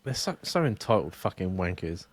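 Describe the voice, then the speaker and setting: A man's voice: deep voice, normal speed. A man co-hosting a podcast, chatting casually and animatedly, with plenty of swearing. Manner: animated, sweary retelling of clips. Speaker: podcast co-host. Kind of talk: casual chat.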